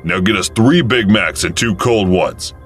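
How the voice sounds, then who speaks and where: Male narrator as a menacing, deep-voiced robber boss, slow and blunt. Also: expressive, soft background music.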